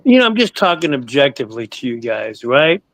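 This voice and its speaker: A man's voice: medium pitch, very animated, fairly quick, fairly bright tone, dry recording, low-quality recording. A man in his sixties, a guest actor in a casual interview, telling stories in a rambling way, repeating words and swearing freely.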